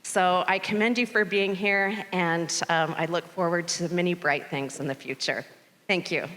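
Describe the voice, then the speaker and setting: Middle-aged woman, lowish voice, storytelling conference welcome, big hall reverb. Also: moderate pace, slight background noise. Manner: storytelling, animated when quoting the robot. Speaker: board chair giving conference welcome. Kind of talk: conference speech. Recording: long reverb of large hall.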